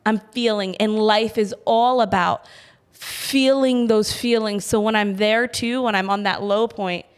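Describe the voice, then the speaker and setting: A young adult woman co-hosting a podcast in casual chat, talking in an animated, giggly way. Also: mid-range voice, a little slow, clean tone. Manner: animated, giggly, visual storyteller. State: pregnant. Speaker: podcast co-host.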